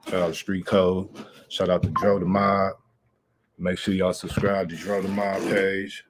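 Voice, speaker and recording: Deep-voiced laid-back male livestream host. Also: flat delivery, measured pace, noisy background. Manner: laid-back, rambling, slangy. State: out of breath. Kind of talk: casual livestream chat.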